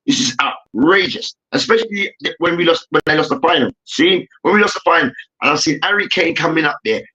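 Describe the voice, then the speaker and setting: Ranting young man, high bright voice. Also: animated, fast talker. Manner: ranting, profane, repeats "hear me now". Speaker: debate show host. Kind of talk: heated sports debate. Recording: dull lo-fi recording.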